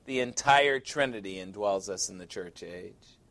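A man's voice: on the low side, moderate pace, creaky, fairly bright tone. Man preaching an emphatic sermon. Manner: emphatic preaching, reading scripture aloud with commentary; addresses congregation directly. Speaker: pastor.

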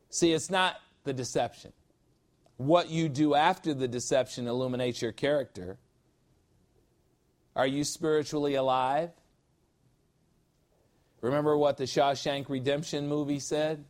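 A man teaching a sermon-style Bible lesson, reading scripture slowly and adding emphatic, jokey asides. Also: fairly high pitch, fairly even intonation, a little mellow.

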